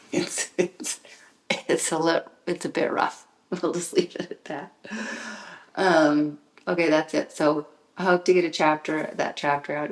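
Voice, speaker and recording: A woman hosting her own podcast, talking in a reflective solo monologue, musing and sometimes dropping into a soft whisper, with frequent restarts when she gets excited. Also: low-pitched, creaky, rough recording. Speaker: podcast host and author.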